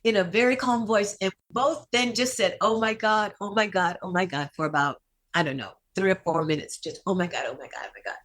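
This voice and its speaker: An older woman appears as a guest actress on a podcast, sharing a personal story with emotion and repeating phrases to stress her points. Her voice sits at a medium pitch, moves fairly quickly, and has a fairly bright tone.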